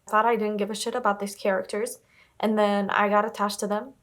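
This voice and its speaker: A woman's voice: mid-range voice, flat delivery, fairly quick, fairly bright tone. A young woman chatting to camera in a casual reading vlog, rambling and emphatic, repeating herself and swearing casually, upset and close to tears. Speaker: book vlogger.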